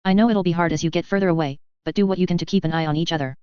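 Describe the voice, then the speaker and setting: A woman voicing a steady, practical young man giving plans and asking questions in an audiobook, with a low, smooth voice on a dull recording. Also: very fast, no echo, lightly acted. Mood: planning. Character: young male leader, calm and practical.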